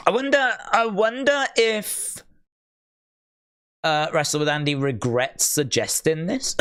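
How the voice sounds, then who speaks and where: A man's voice: high voice, animated, normal speed, pushed and bright, clean tone. A man hosting a live stream, chatting casually with viewers, musing aloud with dry, rambling asides.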